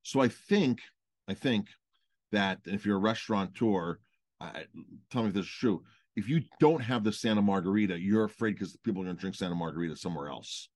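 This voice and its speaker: A man co-hosting a podcast about the restaurant business speaks fairly quickly in a lowish voice, recorded without echo. As a restaurant owner chatting casually, he tells lively stories and doubles up words for emphasis.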